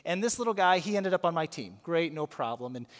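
Guy pastor preaching, kinda high voice, lots of restarts, big echoey church. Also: animated, a little fast. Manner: storytelling with frequent repeated words and restarts. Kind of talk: sermon. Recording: long reverb of a large hall.

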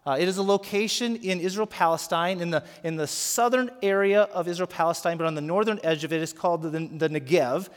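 A man's voice: sits high, a little fast, few pauses, big-room sound. A man preaching a sermon as pastor, earnest and emphatic, leading prayer and guiding the congregation. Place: worship center.

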